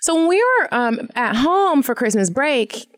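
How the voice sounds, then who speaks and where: A woman in her thirties, co-hosting a podcast, telling an animated story in casual chat and swearing freely. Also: high voice, measured pace, dry recording, clean studio sound. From Texas. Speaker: podcast co-host.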